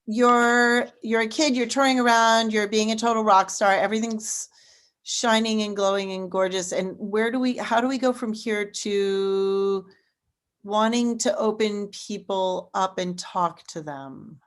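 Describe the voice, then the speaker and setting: A woman's voice: mid-range voice, fairly even intonation. A woman interviewing a guest over a video call in an enthusiastic, chatty way. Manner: enthusiastic, chatty, quick to agree. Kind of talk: casual interview.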